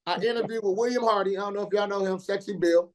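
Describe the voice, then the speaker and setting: Slangy, animated storytelling man. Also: high voice, quick pace. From Indiana, USA. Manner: slangy, animated, acts out quoted people. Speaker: radio DJ guest. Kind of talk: casual storytelling interview.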